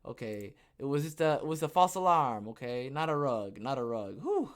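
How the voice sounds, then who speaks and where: A man hosting a podcast alone, reading a news story aloud with a jokey, rambling delivery, frequent "okay?" asides and sudden jumps in pitch and loudness. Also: big pitch swings, normal speed. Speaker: podcast host.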